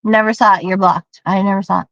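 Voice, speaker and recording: A woman's voice: mid-range voice, fairly even intonation, quick pace, fairly bright tone, dry recording, lo-fi sound. A woman on a livestream call who pleads and repeats herself in a heated argument. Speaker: livestream guest.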